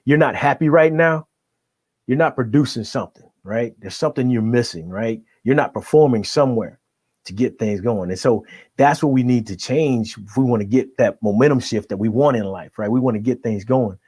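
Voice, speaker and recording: A middle-aged man giving emphatic motivational talk as a podcast guest. His voice sits at an ordinary mid pitch, and he checks in constantly with his listener. The sound is close and dry. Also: moderate pace, darkish tone, husky, dry recording. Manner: emphatic, keeps checking in with "right?". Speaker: guest coach.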